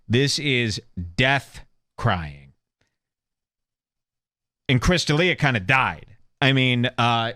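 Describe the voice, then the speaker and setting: A man's voice: mid-range voice, a bit bright, dry recording, studio quality. A man hosting a comedy podcast, giving sarcastic, mocking commentary on a video clip. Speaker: podcast host.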